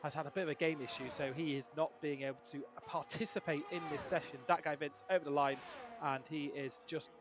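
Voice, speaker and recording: A man giving live commentary on a sim racing session, building excitement on fast laps. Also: on the high side. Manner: excitable, rising on fast laps, some restarts.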